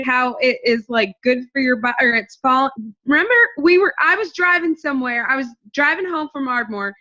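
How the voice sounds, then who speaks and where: A woman's voice: high-pitched, lively intonation, a little fast, bright, forceful tone. A woman in a video call group, jumping in eagerly with questions, heard over dull lo-fi call audio. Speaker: group member. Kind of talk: casual chat on a video call.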